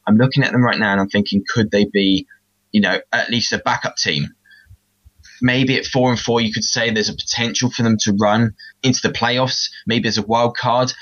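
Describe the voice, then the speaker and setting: Bright-voiced English man talking football. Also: medium pitch, lo-fi sound. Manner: animated, addresses teams directly, asides in a whisper. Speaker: podcast host. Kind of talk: casual sports chat.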